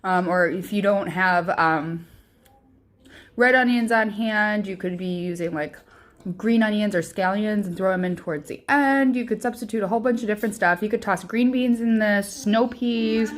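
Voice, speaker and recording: A young woman who hosts her own cooking channel chats casually as she cooks, rambling a bit and saying um a lot. Her voice is mid-range and her pace measured, though the recording quality is low.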